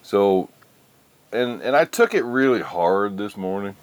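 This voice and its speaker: A man's voice: fairly low pitch, animated, measured pace, clear, resonant tone. A middle-aged man hosting a podcast, telling stories in blunt, profane casual chat. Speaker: podcast host.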